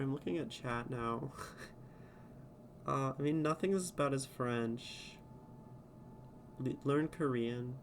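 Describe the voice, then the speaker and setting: A man's voice: mid-range voice, slight background noise. A man streaming live who reads a poem aloud and then chats casually with viewers, laughing often.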